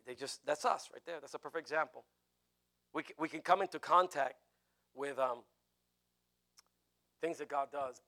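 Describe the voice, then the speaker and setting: A man preaching a sermon emphatically, repeating phrases and chuckling as he goes. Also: fairly high pitch.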